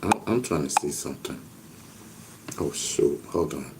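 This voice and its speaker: Slow, deep-voiced man chatting on a livestream. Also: lively intonation, very noisy. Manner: reads chat comments aloud, repetitive catchphrases. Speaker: livestream host. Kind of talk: casual livestream chat.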